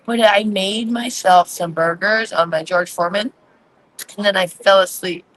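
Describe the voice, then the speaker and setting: A woman in her forties chatting candidly on a livestream, rambling and confessional, filmed outdoors on a quiet city street at night with a phone on a tripod. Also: mid-range voice, moderate pace, a little hiss or hum, low-quality recording. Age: 40s. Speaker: vlogger hosting a livestream. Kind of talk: casual livestream chat. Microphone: phone on a tripod, no earphones.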